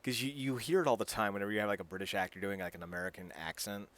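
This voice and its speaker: A man co-hosting a podcast, chatting casually and rambling with lively energy, laughing at his own jokes. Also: lowish voice, very fast. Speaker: podcast co-host. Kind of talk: casual chat.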